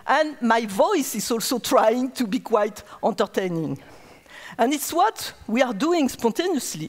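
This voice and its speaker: French-accented woman lecturing in a big hall. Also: medium pitch. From France. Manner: earnest, explanatory, repeats words as she searches. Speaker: neuroscientist giving a conference talk. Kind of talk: conference lecture. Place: large conference hall.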